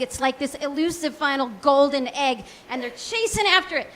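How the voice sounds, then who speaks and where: A woman's voice: high voice, brisk, few pauses, fairly bright tone. A woman in her forties doing a stand-up comedy set, chatty and self-deprecating, full of likes and ums. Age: 40s. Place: small comedy club stage.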